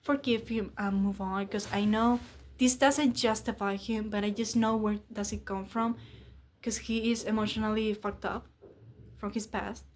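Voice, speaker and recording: A woman's voice: medium pitch, fairly even intonation, normal speed, a little hiss or hum. A young woman vlogging casually, rambling candidly and swearing freely about her relationship. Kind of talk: casual confessional vlog.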